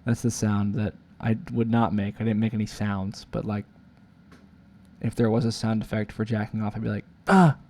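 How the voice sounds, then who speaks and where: A man's voice: on the low side, monotone, normal speed, dark tone, a little hiss or hum. A young man in his twenties, rambling through a profane, confessional vlog monologue full of "like" fillers. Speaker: vlogger.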